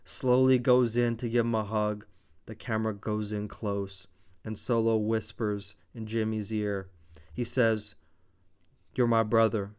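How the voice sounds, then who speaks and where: A man with a smooth, resonant voice at an ordinary middle pitch recaps a wrestling show. He tells it blow by blow in an animated, casual way and swears now and then. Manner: animated, blow-by-blow retelling with profanity.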